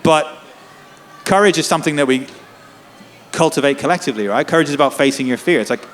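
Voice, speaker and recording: A man's voice: fairly high pitch, animated, fairly bright tone. A man, a lawyer and activist, speaking with passion at a festival tent talk, filling his speech with "like" and "right?". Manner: impassioned, rapid, many "like" and "right?" tags. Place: festival tent before an audience.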